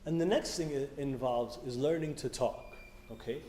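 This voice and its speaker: A man's voice: medium pitch, normal speed, dark tone. A man giving a casual, conversational sermon, often asking the audience questions. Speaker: speaker at a church youth meeting. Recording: echoey hall with faint room noise.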